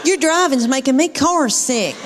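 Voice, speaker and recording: A woman's voice: high voice, lively intonation, moderate pace, background noise, voice pushed up. A Southern US woman voicing her bratty eleven-year-old daughter in a whiny, demanding tone.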